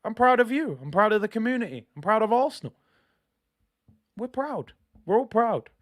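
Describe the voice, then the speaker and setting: A young man hosting a live football watch-along, reading chat and reacting loudly to the match. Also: high voice, moderate pace, no echo, clean studio sound. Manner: excitable, banters with chat, shouts at big moments.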